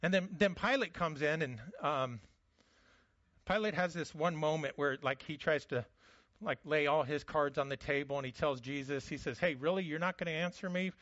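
A man's voice: a little high, normal speed, fairly bright tone, no echo, lo-fi sound. A man preaching a conversational sermon as a pastor, often restarting his words.

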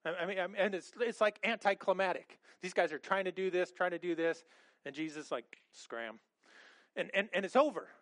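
Pastor with a fairly high voice, dry sound. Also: male voice, brisk, a bit bright, no room sound. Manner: conversational, with many stammered repeats. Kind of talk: sermon.

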